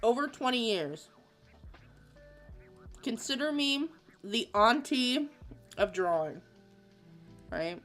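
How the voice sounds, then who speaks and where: A woman's voice: on the high side, lively intonation, slow, pauses often, fairly bright tone, faint music behind. A woman in her thirties from Florida, chatting casually on a livestream while drawing, reading chat aloud and laughing often. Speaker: livestream artist host.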